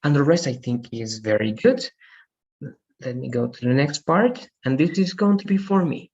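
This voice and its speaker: A man runs an online English lesson, slowly modeling words and gently correcting his students. His voice is a little husky and the call audio sounds dull and lo-fi. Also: on the high side. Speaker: English teacher. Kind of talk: online class, pronunciation coaching. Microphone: video call.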